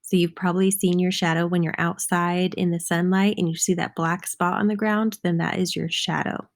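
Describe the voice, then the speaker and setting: A young adult woman teacher giving a slow, clear lesson for young children, patiently spelling words out letter by letter. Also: on the low side, little pitch movement.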